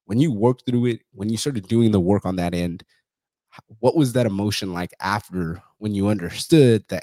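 A man's voice: lowish voice, moderate pace, dark tone, no room sound, clean studio sound. A man hosting a podcast, talking in a casual, rambling way full of swearing and fillers like "you know.". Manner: profane, rambling, says "you know" and "like" a lot. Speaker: podcast host. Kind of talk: casual conversation.

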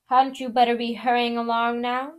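A woman's voice: fairly high pitch, level tone, normal speed, smooth, dull audio, natural voice. Woman doing a sneering teen boy wizard. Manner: drawling, taunting.

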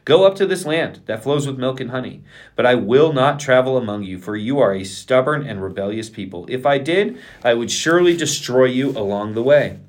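A male pastor reading scripture aloud on a podcast in a steady, plain way, sometimes going back to repeat a phrase. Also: medium pitch, brisk.

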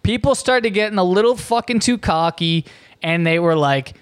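A man's voice: sits high, normal speed, clear, resonant tone. A man hosting a comedy show, delivering a profane, incredulous rant with frequent stumbles and restarts. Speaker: podcast host.

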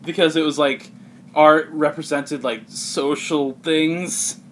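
Rambling, fairly high-voiced man recapping. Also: steady tone, slow, fairly bright tone, a little hiss or hum. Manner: rambling, heavy use of "like", laughs often. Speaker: podcast host recapping a comic. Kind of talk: casual chat.

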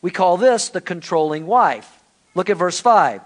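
Brief: man pastor, animated conversational sermon, high voice. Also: a little slow.

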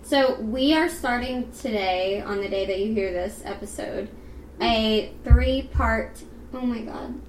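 A woman's voice: a little high, slow. A young woman co-hosting a podcast in casual chat, rambling and laughing with lots of "like.". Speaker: podcast co-host. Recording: roomy sound, faint background noise.

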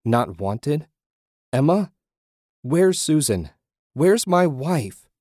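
A man's voice: fairly low pitch, measured pace, darkish tone, slightly rough, no echo, clean studio sound. A man voicing a desperate injured man who pleads and cries out in anguish. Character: injured desperate middle-aged man, panicked.

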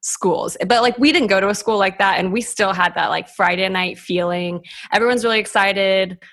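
A woman's voice: medium pitch, normal speed, fairly bright tone. Chatty young woman on a video call. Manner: chatty, laughs often, lots of "like" fillers. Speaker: podcast co-host. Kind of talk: casual chat.

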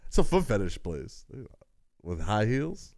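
A man's voice: lowish voice, very animated, a little slow, a little mellow. A man co-hosting a podcast, reading items out and joking crudely in casual banter. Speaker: podcast co-host.

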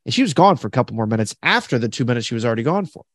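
Podcast co-host, male, animated storyteller who laughs a lot, dry close sound. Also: mid-range voice, very fast, no echo. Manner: animated, laughs through his stories, acts out the people in them. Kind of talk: casual storytelling chat.

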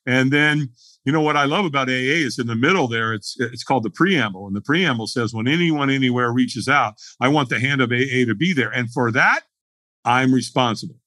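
A middle-aged man with a husky, bright-edged voice, fairly high for a man. He tells stories animatedly as a podcast guest, acting out both sides of the conversations. The sound is dry and close to the mic. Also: fairly quick, no room sound. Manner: animated storyteller acting out dialogue. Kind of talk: podcast interview storytelling.

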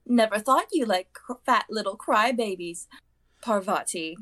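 A woman's voice: mid-range voice, measured pace, fairly bright tone, pitched above the performer's own voice. A woman doing a mocking hard-faced schoolgirl. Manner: mocking, teasing. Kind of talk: reading a novel aloud.

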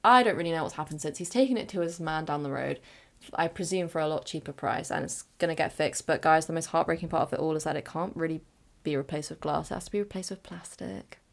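A woman's voice: deep voice, fast, vocal fry. A woman in her late teens, hosting a podcast and telling a chaotic, giggly, dramatic story in a casual way. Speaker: podcast host.

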